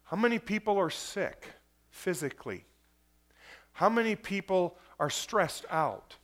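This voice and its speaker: High-voiced man preaching a sermon. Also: lively intonation, unhurried. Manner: conversational, asks the audience questions. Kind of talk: sermon reading scripture with commentary.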